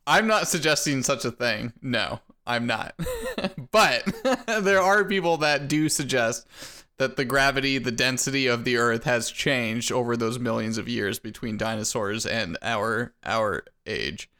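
A man's voice: medium pitch, unhurried, sharp tone. A man co-hosting a casual chat, joking and teasing the others with frequent laughter. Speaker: podcast co-host.

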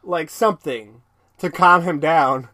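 Casual male co-host, higher-pitched, dry close mic, rambling and giggly. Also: a little slow, pushed and bright, no echo. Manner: rambling, laughs often, quotes characters in silly voices. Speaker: podcast co-host. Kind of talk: casual chat recapping a cartoon episode.

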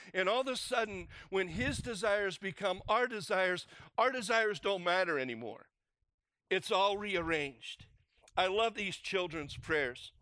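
A middle-aged male pastor giving an earnest, conversational sermon and acting out quoted prayers with lively emphasis. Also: sits high, no room sound.

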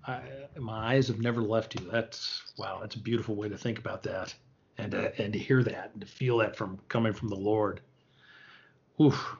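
Soft-spoken male interviewer, dull audio. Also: fairly low pitch, steady tone, moderate pace, vocal fry. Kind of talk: interview conversation.

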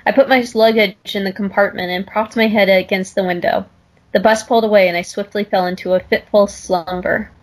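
A woman's voice: medium pitch, fairly even intonation, a little fast, low-quality recording. Hesitant woman reading a story aloud. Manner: hesitant, searches for words. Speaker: podcast co-host. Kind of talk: casual chat and story reading.

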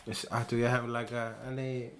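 A man's voice: mid-range voice, monotone, brisk, a bit bright, slight background noise. A man from Iceland co-hosting a podcast, chatting casually with a lot of hesitation and restarts. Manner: hesitant, many fillers and restarts. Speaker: podcast co-host. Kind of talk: casual chat.

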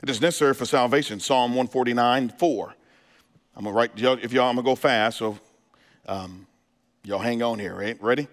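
A man's voice: medium pitch, brisk. A male pastor preaching a sermon, firing questions at his congregation and asking if they are ready. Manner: preaching with call-and-response asides to the congregation. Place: church sanctuary. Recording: hall reverb.

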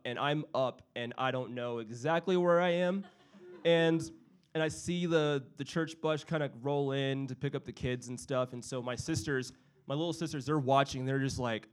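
A young man with a mid-range voice chats casually at normal speed, telling an animated personal story packed with fillers. He acts out the voices of his family members as he goes.

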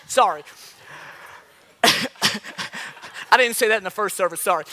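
A male pastor in his thirties preaching a sermon to a church congregation, telling stories with big swings from quiet to loud. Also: high-pitched, takes it slowly. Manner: animated storytelling, swings from soft to loud. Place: church with live audience.

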